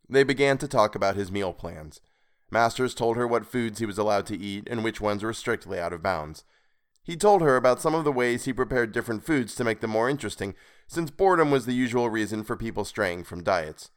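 A man narrating a weird tale in a measured, expressive reading. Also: on the low side, clean tone. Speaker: podcast reader. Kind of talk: scripted story narration.

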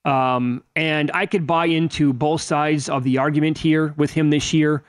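A man's voice: a little high, steady tone, unhurried, clean tone, no echo, clean studio sound. Chatty male sports radio host. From Wisconsin. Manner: conversational, with filler and restarts.

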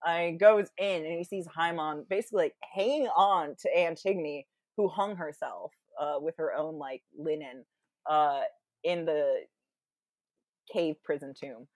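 A woman's voice: low-pitched, measured pace, no room sound. A young woman retelling a Greek tragedy in a casual, chatty way, with lots of fillers and little acted-out quotes.

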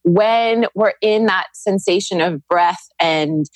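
A woman's voice: lowish voice, slow pace, no echo. A woman guest on a podcast, talking earnestly and reflectively about energy and feeling safe. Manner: earnest, reflective, spiritual wording. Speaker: podcast guest, Reiki practitioner. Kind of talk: casual podcast conversation.

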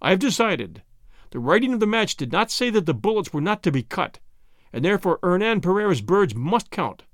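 A man's voice: high-pitched, very animated, brisk, a bit bright, no room sound, studio quality. A man reading the part of a stern, upright Boer commandant who speaks with commanding indignation. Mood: judicial.

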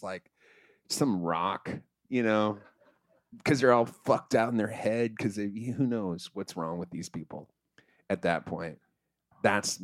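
A man telling a comic story in a loose, profane, animated way, acting out the characters. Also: lowish voice, dry recording, studio quality. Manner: profane, animated, acts out voices.

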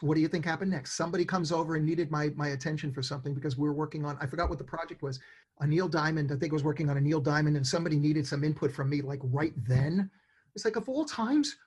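Brief: man, 60s, from New York, lively anecdotal interview guest, slightly higher voice. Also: husky. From New York, USA. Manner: animated, acts out his own thoughts in quick asides. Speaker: interview guest, songwriter and producer. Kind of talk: conversational storytelling.

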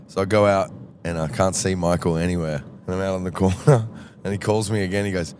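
A lower-voiced Australian man spins a lively anecdote as a podcast co-host, slipping into the voices of the people in his story. He talks in a loose, casual way. A faint engine hum sits behind him from the tour bus. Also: a little fast. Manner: animated, acts out voices in anecdotes.

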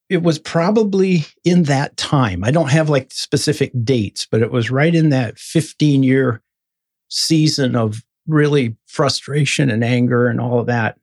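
A man in an interview telling his own story in a casual, animated way, acting out the voices of people he quotes. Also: unhurried. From Michigan. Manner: animated, acts out quoted voices with sudden high bursts.

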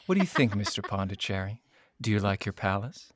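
A man improvising an eerie, grandiose candy maker who speaks slowly and unsettlingly. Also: fairly low pitch, big pitch swings, no room sound, clean studio sound. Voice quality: slow, drawn-out, unsettling. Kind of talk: improv comedy role-play.

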